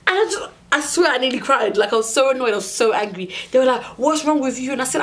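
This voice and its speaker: A young woman telling a storytime rant to her vlog audience, exasperated and animated, acting out the people she argued with. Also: medium pitch, brisk. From United Kingdom. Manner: exasperated, animated retelling with acted-out dialogue. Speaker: vlogger.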